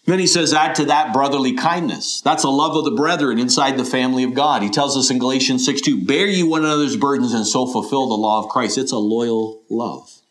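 A middle-aged male pastor preaching a sermon at a mid-range pitch. He talks earnestly and asks his listeners questions, sometimes voicing their doubts. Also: a little fast, few pauses. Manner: earnest, questioning preaching with quoted imagined voices.

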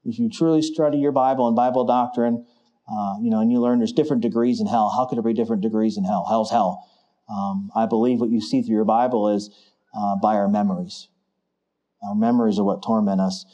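Male pastor, middle-aged, warm mellow tone, emphatic sermon delivery. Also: on the low side, steady tone, brisk. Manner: emphatic, rising to forceful declarations. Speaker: preacher.

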